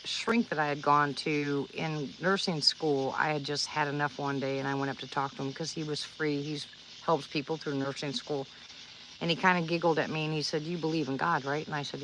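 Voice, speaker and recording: A woman's voice: low voice, fairly bright tone, slight background noise, poor audio. Rambling woman chatting outdoors at night. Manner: rambling, earnest, restarts often. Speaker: livestream vlogger. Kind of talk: casual storytelling to viewers.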